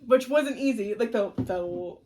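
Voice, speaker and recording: A woman's voice: a little high, a little slow, darkish tone, a little hiss or hum. A young woman co-hosting a podcast, telling a story in casual chat, acting out the quotes, laughing and swearing. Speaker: podcast co-host.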